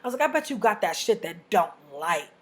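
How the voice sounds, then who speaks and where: Young woman, storytime rant, brash, profane, animated delivery. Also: medium pitch, fairly quick. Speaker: vlogger.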